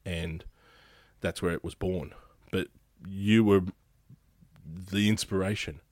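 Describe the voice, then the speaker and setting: Very deep-voiced Australian man, dry sound. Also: steady tone, takes it slowly, darkish tone, no room sound. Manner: rambling, restarts often, laughs easily. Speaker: podcast host. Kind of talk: casual podcast chat.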